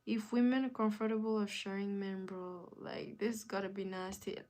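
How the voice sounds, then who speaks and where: A woman's voice: medium pitch, flat delivery, normal speed, a little mellow. A woman hosting a live stream in casual chat, answering viewer comments with emphatic, repeated phrases.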